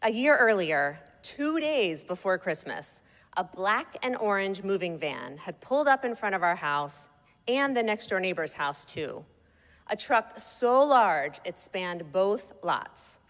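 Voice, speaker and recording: A woman reads her own personal essay aloud, wry and measured. Her slow pace lets each line land, and her pitch rises and falls in lively swings. A long, echoing reverb hangs behind her voice. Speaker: narrator.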